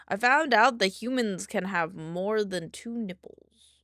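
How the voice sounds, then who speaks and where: A woman's voice: medium pitch, a little slow, fairly bright tone, no echo. A young adult woman streaming, chatting loosely with her viewers and swearing casually as she reads chat aloud.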